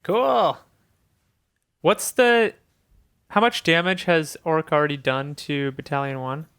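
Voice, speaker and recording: A man's voice: on the high side, slow, a bit bright, smooth. A man playing a tabletop game, curious and full of questions. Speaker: player. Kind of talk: casual game chat.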